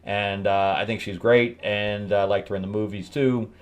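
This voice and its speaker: A man's voice: lowish voice, steady tone, moderate pace. A man hosting a casual comic book review, wry and mocking, often breaking into laughter. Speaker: host, screenwriter reviewing comics.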